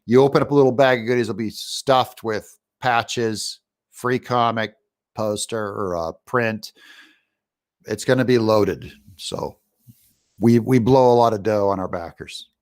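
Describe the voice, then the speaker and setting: A man guesting on a casual livestream, explaining crowdfunding rewards in a relaxed, chatty way. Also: on the low side, measured pace. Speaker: guest, comic book creator.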